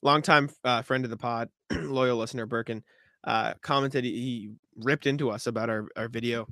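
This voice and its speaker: A man co-hosting a podcast in casual sports chat, rambling with restarts and clearing his throat, hiccuping. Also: medium pitch, steady tone, moderate pace, fairly bright tone, dry recording, studio quality. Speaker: podcast co-host.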